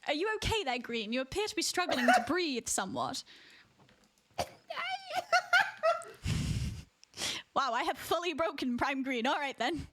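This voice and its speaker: A woman's voice: sits high, animated, fairly bright tone, a little hiss or hum. A woman putting on a prim posh British lady. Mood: haughty. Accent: posh British, put on. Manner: rapid, prim, mock-indignant. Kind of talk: livestream chat.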